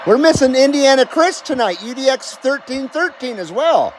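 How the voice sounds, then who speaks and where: A man in his fifties hosts a casual CB radio live stream from his home radio room, laid-back and jokey as he reads viewer comments and calls out on air. His voice sits fairly high for a man. A faint hiss runs under the recording. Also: expressive, moderate pace. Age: 50s. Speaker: CB radio livestream host.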